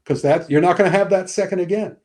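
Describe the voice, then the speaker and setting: A man's voice: high voice, quick pace. An older man talking casually about films on a podcast, telling stories at length and acting out the lines people say. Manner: animated storyteller, acts out quotes in different voices. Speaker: regular guest film expert.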